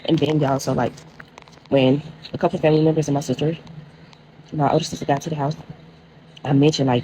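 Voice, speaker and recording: A woman's voice: sits low, quick pace, warm tone, slight background noise, rough recording. A young woman telling a personal storytime casually, talking straight to viewers with lots of filler words. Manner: chatty, addresses viewers as y'all, many likes.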